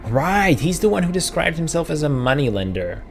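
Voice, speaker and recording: A man's voice: on the high side, big pitch swings, moderate pace, creaky, slight background noise. A man hosting a let's play, musing and hesitant as he thinks aloud through casual gameplay commentary.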